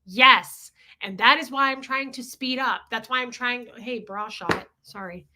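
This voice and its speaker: A woman's voice: fairly high pitch, a little slow, noisy background. A woman in her forties hosting a livestream, talking candidly and confessionally while greeting viewers in the chat, with casual swearing. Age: 40s. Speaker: livestream host reading chat.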